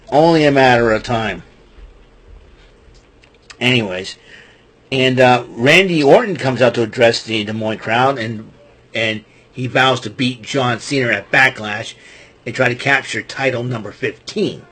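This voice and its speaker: A man giving a rambling, casual wrestling recap, chuckling often and filling pauses with ums and restarts. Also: medium pitch, breathy edge.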